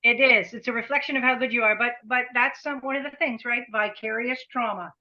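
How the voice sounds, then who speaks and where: A woman's voice: fairly high pitch, steady tone, a little fast, sharp tone. A middle-aged woman leading an agency, talking earnestly as a podcast guest and often repeating words as she searches for them. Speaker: executive director, podcast guest. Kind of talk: reflective conversation. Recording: dull lo-fi sound.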